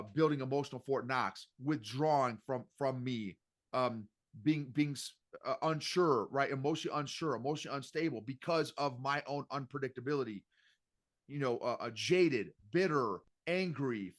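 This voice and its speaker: A middle-aged man coaching on emotional intelligence as a podcast guest, talking in an animated, emphatic way and repeating his points. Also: mid-range voice. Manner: animated and emphatic, repeats phrases, says "bro". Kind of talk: casual podcast interview.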